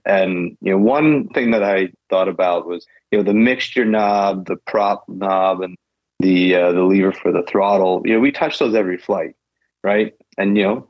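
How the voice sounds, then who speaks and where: A man's voice: deep voice, moderate pace, no echo, lo-fi sound. A man, a guest pilot, telling his story in a loose, casual way, repeating phrases and laughing now and then.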